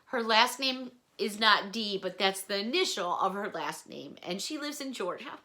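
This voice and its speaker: A woman vlogger chatting to camera as she opens fan mail, warm-hearted, apologetic and close to tears, with little laughs. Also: mid-range voice, expressive, moderate pace, few pauses. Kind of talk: casual chat to camera.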